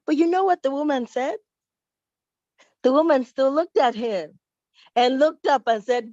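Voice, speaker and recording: A woman telling a Bible-style story to children at church, lively and expressive. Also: high-pitched, unhurried, long pauses, no echo. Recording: dull, dry recording.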